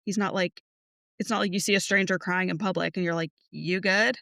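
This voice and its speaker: A woman's voice: lowish voice, little pitch movement, quick pace, gravelly, fairly bright tone, dry recording, studio quality. A young woman co-hosting a faith podcast, talking in a heartfelt, rambling way with lots of "like". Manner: heartfelt, rambling with many likes. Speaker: podcast co-host. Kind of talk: casual faith chat.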